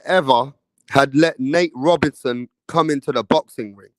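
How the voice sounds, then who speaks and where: A man's voice: on the high side, lively intonation, normal speed, no echo. A man from England, hosting a casual live boxing chat stream and reading viewer messages. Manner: casual, chatty, slangy, keeps addressing viewers. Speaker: boxing show host.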